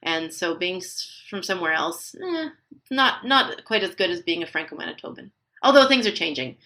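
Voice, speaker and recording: A woman's voice: on the low side, big pitch swings, moderate pace, pushed and bright. A middle-aged woman, a linguist guest on a podcast interview, talking in a chatty way and laughing often as she explains. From Canada.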